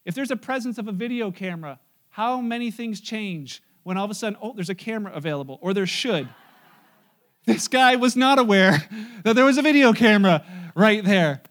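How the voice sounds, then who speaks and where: A male pastor speaks to his congregation in an easygoing, talkative sermon. His voice sits notably high for a man. He moves between earnest teaching and lighthearted stories. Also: animated, normal speed, fairly bright tone. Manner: conversational preaching with asides and humor.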